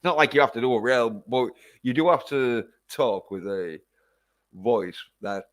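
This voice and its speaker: Slow-talking, profane man. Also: lowish voice. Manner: rambling and heavily profane. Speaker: film reviewer. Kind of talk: casual livestream film review.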